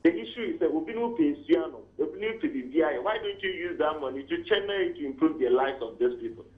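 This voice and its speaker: A man's voice: on the high side, animated, fast talker. Ghanaian man on a dull phone line. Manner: argumentative, mixing Twi and pidgin English. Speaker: caller. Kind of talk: radio call-in commentary.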